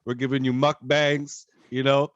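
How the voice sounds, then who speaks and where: A man from Canada co-hosting a podcast, talking casually in a rambling, animated way full of fillers. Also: medium pitch, unhurried, no echo, lo-fi sound. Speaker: podcast co-host. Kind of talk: casual chat.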